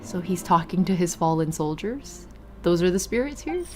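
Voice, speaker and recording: A young woman casually chatting while streaming a video game. She talks in a chatty, easily distracted way, with bursts of excited exclamations. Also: on the low side, moderate pace, slight background noise. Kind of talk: casual live gameplay commentary.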